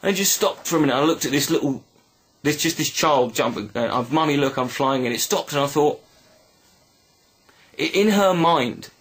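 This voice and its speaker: A man telling a personal story in a reflective video monologue, halting and earnest with many restarts. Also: fairly high pitch, lively intonation, breathy edge. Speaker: video blogger.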